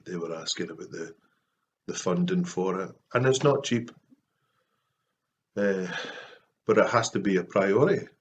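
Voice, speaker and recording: A Scottish man talking earnestly and softly to camera in a casual, heartfelt vlog, pausing often. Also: deep voice. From Scotland. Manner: soft-spoken and earnest, with frequent pauses and fillers. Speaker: Christian artist vlogger.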